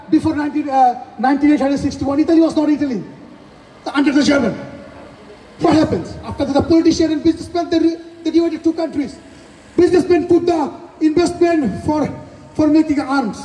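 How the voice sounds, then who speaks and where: A man giving an impassioned protest speech, shouting indignant rhetorical challenges again and again at an outdoor rally. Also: very high voice. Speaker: protest speaker. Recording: echoey distant rally recording. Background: faint crowd and ambient noise.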